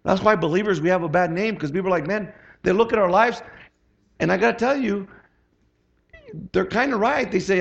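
A man's voice: high-pitched, a little fast, vocal fry, pauses often. A middle-aged man preaching a conversational sermon as pastor, chatty and asking the congregation for amens. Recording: dull lo-fi sound.

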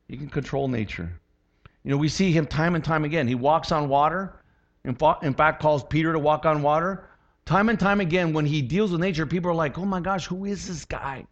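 A man preaching a sermon as a pastor, animated, acting out quotes and voices as he teaches. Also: fairly high pitch, lo-fi sound.

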